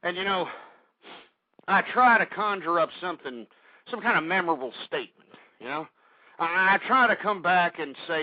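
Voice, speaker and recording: An older man hosting a political talk radio show, ranting and swinging up into furious shouting, peppered with "folks" and "I mean". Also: a little high, moderate pace, no echo. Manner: repeats "folks" and "I mean" constantly. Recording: tinny, dry phone-like line.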